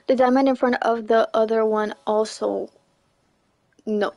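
A young woman chatting casually through a gameplay livestream, giggly and chatty, squealing when something excites her. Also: a little high, measured pace. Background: faint game music.

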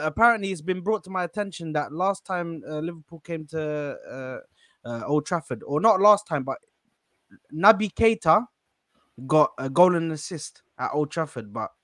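Man, panelist, high bright voice, pushy playful interjections, dry close mic. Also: expressive, normal speed, no room sound. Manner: interrupting, insistent, laughing. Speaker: football podcast panelist. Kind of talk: casual banter chat.

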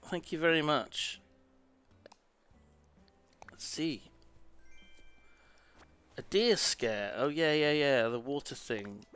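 Lively bright-voiced male streamer chatting. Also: fairly high pitch, unhurried, hardly any pauses, clear, resonant tone, soft background music. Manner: swears freely, apologetic asides to himself. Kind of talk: casual live-stream gameplay chatter.

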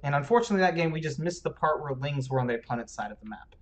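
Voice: mid-range voice, animated, racing, soft background music. An esports caster giving detailed play-by-play analysis of a strategy match on a live stream, explaining unit mechanics while tinkering with stream overlays.

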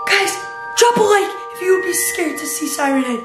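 A woman's voice: very high-pitched, normal speed. A young female YouTuber hyping merch and gasping dramatically through a prank phone call. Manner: excitable, breathless, gasping, dramatic. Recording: echoey room with clear music.

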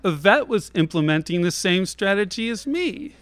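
A man telling a personal story live on a theater stage, in a wry, self-deprecating and deliberate way. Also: high voice, sing-song, a bit bright.

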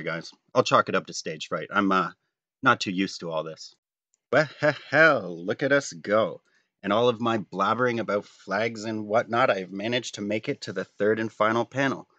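A man's voice: fairly low pitch, fairly bright tone, no room sound, muffled recording. A man, talking casually and jokingly while drawing a comic, rambling and self-deprecating. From Canada. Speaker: comic artist.

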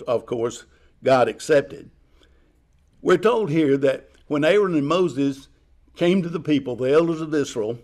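A man preaching a chapel sermon in a measured way, explaining slowly with pauses. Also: mid-range voice, darkish tone. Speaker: chapel speaker.

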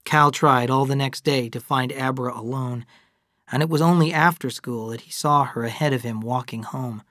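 A narrator reading an abridged novel aloud in slow, even storytelling. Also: medium pitch, no room sound, studio quality.

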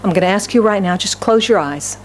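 A woman pastor preaching a sermon in a church. She swings between raised, fervent declarations and hushed, near-whispered pleading, and keeps putting questions to the congregation. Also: mid-range voice, brisk, a little hiss or hum. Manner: asks the congregation rhetorical questions. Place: church sanctuary.

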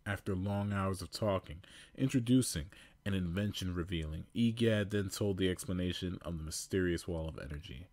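A man's voice: low-pitched, normal speed, a little mellow, no room sound. A male podcast host reading fan fiction aloud, amused, with laughing asides.

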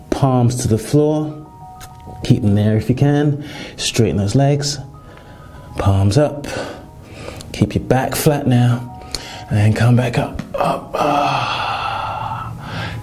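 A man leads a stretching session on the floor, speaking in a relaxed, mellow voice. He keeps checking in with his listeners as he coaches each move. Faint music plays softly behind him. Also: medium pitch, takes it slowly, pauses often. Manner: calm and reassuring, frequent "okay?" check-ins. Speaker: fitness instructor. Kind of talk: exercise instruction.

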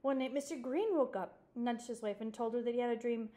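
A woman reading a children's chapter book aloud in a teacherly way, pausing to point things out to listeners. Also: on the high side, dark tone. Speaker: reader.

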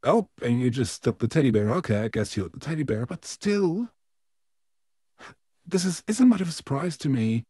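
In a fan-made audio role-play, a man voices an evil puppet neighbor, a smug, menacing villain who is easily flustered. His dark, husky, expressive medium-pitched voice is slow and drawn out, swooping theatrically up and down. The recording is dry and close, with no echo.

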